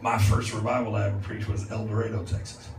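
A man preaching a revival sermon as a guest speaker, moving from calm teaching to loud, laughing exclamations. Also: fairly low pitch, quick pace. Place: church sanctuary. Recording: echoey church, distant mic, noisy. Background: congregation responding.

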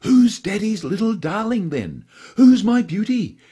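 A man's voice: high voice, lively intonation, a little slow, warm tone, breathy edge, voice pushed up, exaggerated voice. A man voicing a fussy, portly man who talks baby talk to his little dog. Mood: cooing doting. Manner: doting baby-talk cooing.

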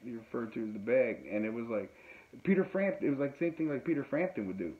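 A man's voice: mid-range voice, lively intonation, fast. A man, a musician, chatting casually and rambling with many fillers and laughs, recorded at home. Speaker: musician and podcast host. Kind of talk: casual chat. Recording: dull lo-fi sound with faint noise.

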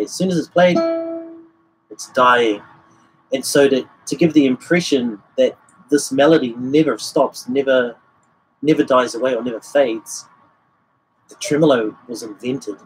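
Over a guitar in the background, a man with a medium-pitched voice walks through a technique at normal speed during a relaxed livestream lesson, singing the rhythms as syllables. The audio is poor, with a little hiss or hum.

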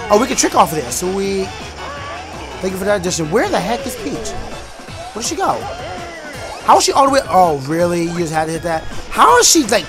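Animated high-voiced young man gaming. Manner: animated, bursts into shouts and freestyle rapping, fast rambling asides. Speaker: gaming YouTuber. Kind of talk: excited gameplay commentary. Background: game music.

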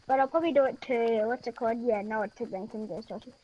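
High, excitable female gamer chattering. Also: lo-fi sound. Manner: excitable, rambling, quick to laugh and gasp. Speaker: gameplay commentator. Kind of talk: casual let's-play chatter. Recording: noisy background with clicking.

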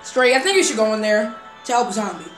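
A woman voicing every character in a game role-play story, hesitant and full of fillers, breaking into excited shouts. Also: fairly high pitch, brisk. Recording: roomy recording over game music.

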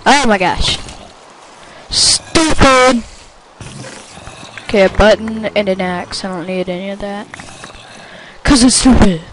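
A woman giving casual commentary while playing a video game, excitable and quick to shout at things on screen. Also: mid-range voice, background noise. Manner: excitable, bursts into yelling at the game. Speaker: gameplay commentator.

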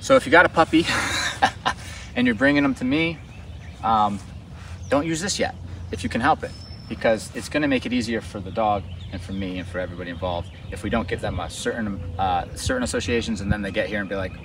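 A man's voice: on the low side, animated, brisk. A man talks through a dog training session with loose, enthusiastic explanations. He stands some distance from the mic outdoors. Faint traffic hums behind him.

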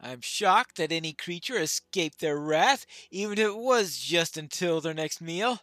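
A game player reading a grave male quest-giver's lines aloud in a plain, unhurried voice. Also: medium pitch, animated, a bit bright, dry recording. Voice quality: plain read-aloud delivery.

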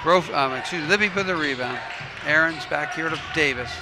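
A man calling a high school basketball game from the gym, his voice a touch higher than most. He rattles off passes and shots and drops in coaching tips. Loud gym noise and bouncing balls sit under his voice. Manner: rapid play calls with coaching asides. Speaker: play-by-play commentator. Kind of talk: local sports commentary. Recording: noisy gym ambience. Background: game crowd and ball bounces.

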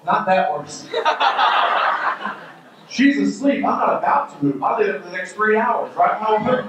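A man in his thirties tells a comic parenting story as a keynote speaker, acting out the quotes as he goes. His voice sits fairly high and comes from some distance off the mic. The sound bounces around a big, very echoey hall. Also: animated, moderate pace, heavy background noise. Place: large hall with an audience. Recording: very echoey hall, heard from afar.

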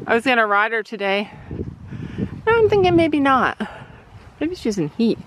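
A woman's voice: on the high side, very animated, normal speed, noisy background. A woman vlogging outdoors in a paddock, coaxing and chatting to her horse. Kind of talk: casual vlog talk while handling a horse.

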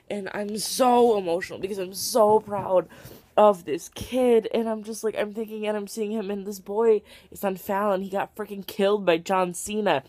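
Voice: mid-range voice, steady tone, moderate pace, a little mellow, dry recording. A young adult vlogger talking casually to camera at home, gushing and emotional, tired and rambling with many fillers and restarts. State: tired and worked up. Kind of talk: casual late-night vlog to camera.

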